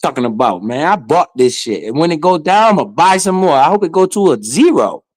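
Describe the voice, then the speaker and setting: A man's voice: fairly high pitch, big pitch swings, fairly quick, no room sound. A man streaming live, giving casual, slangy commentary with swearing and often speaking straight to his chat.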